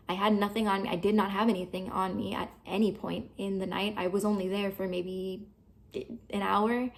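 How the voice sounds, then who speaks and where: A woman's voice: medium pitch, creaky. A woman in her twenties talking candidly to the camera about something that happened to her, swearing freely and using a lot of fillers. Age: 20s. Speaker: vlogger. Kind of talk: personal storytelling to camera.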